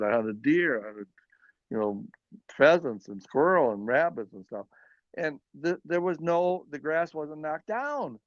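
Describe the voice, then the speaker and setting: A man's voice: a little high, no echo. Farmer guy from northern illinois rambling through a story, fixes his words a lot, dry dull audio. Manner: rambling, self-correcting storyteller. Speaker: guest, farmer. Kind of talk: casual storytelling.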